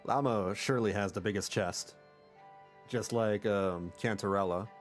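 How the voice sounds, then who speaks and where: A young man casually commenting on a game while livestreaming, with chatty, animated reactions. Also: fairly low pitch, unhurried, faint music behind. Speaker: streamer.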